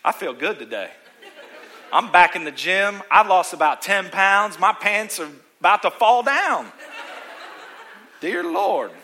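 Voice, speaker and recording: A man's voice: sits high, unhurried, long pauses, a little hiss or hum. A man preaching a sermon in a church auditorium. He preaches with sarcasm, acts out voices of other people and calls on the congregation to answer back. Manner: sarcastic, animated preaching with mock voices and call-and-response. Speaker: pastor.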